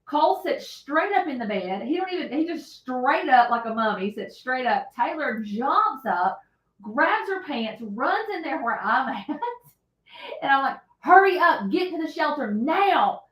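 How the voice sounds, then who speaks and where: A middle-aged woman, hosting a casual livestream and retelling a story in an animated, dramatic way. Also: high-pitched, unhurried. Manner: animated, dramatic retelling with loud acted shouts. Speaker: livestream host. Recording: echoey room.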